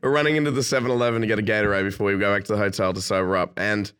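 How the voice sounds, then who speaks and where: A man tells a rowdy story with a bright, forceful voice. He swears freely and talks in a loose, animated way, like he's chatting with friends. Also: on the low side, very fast, smooth. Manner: animated, profane anecdote telling. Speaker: guest. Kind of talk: casual storytelling.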